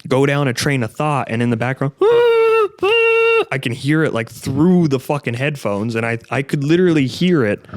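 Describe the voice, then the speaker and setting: A young man hosts a casual podcast from his garage office, drifting from tangent to tangent and swearing freely. His voice sits at an ordinary middle pitch. It is caught close on a directional podcast mic with a dry, roomless sound. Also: a little fast, few pauses, dry recording. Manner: rambling and animated, swears a lot, says "bro" and "dude". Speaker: podcast host. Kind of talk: casual chat.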